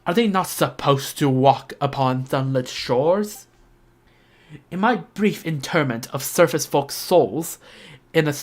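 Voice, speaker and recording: Boethius, a woman doing a pompous posh villain. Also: sits low. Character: haughty ancient male villain of an undersea nation.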